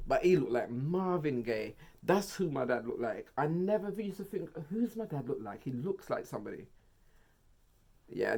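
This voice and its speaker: A lively storyteller speaking British Jamaican patois, recorded for a storytime vlog. The delivery is animated: quoted lines are acted out with outbursts of laughter. The voice sits at a middle pitch. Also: gravelly. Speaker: vlogger.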